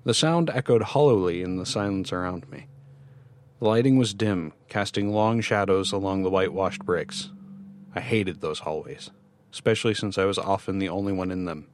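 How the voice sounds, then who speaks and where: A man reading a first-person horror story in measured scripted narration. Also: low voice, slight background noise.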